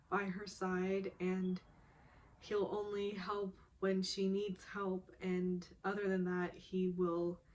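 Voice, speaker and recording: A young woman recaps a drama in a slow, unhurried way, stretching out her words. She gets emotional and giggly as she acts out the characters' lines. Her pitch sits in an ordinary middle range. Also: a little mellow. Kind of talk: casual recap monologue.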